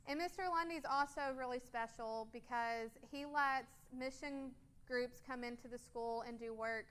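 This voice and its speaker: High, smooth-voiced young woman speaker. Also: steady tone, moderate pace, a bit bright. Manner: earnest, casual storytelling with frequent ums. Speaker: guest speaker. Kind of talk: personal story talk with photos. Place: church.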